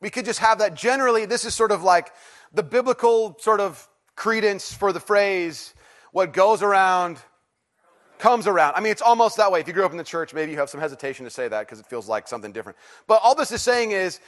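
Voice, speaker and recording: A man's voice: high-pitched, expressive, fast, a bit bright. A man preaching a sermon to a live congregation, casual and joking, asking for hands and call-and-response. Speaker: pastor. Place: church sanctuary with congregation.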